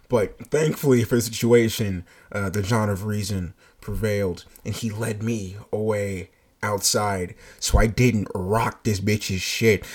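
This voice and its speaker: A man with a husky voice recounts a work story in casual, animated speech. He swears freely and breaks into laughter throughout. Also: lowish voice. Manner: animated, profane, laughing asides. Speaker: fast-food shift lead.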